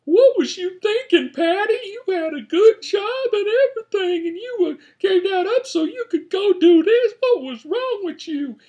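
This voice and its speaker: A man putting on a mocking, whiny falsetto as a frightened woman talking to herself. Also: lively intonation, moderate pace, hardly any pauses, warm tone. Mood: scared whining.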